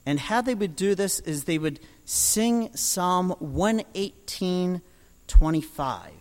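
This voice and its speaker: A man preaching a sermon, building dramatically from quiet storytelling to loud proclamations. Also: on the high side, long reverb tail.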